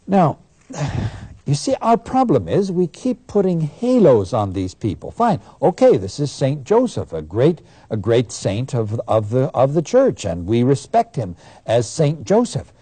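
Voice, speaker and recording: A man teaching about the Bible in an animated lecture, acting out the people he quotes with sudden bursts of emphasis. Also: fairly high pitch, breathy edge, no room sound. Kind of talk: lecture on scripture.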